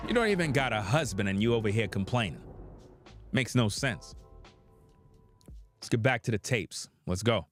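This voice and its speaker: Man, reaction commentator, lowish voice, blunt and profane, dry close sound, faint music. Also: lively intonation, moderate pace, long pauses. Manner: blunt, profane, preachy, addresses viewers as guys. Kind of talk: opinionated commentary.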